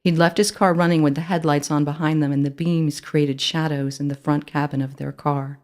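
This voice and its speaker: Female author narrating a kids' audiobook, deep voice, even delivery. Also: moderate pace. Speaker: author reading her book.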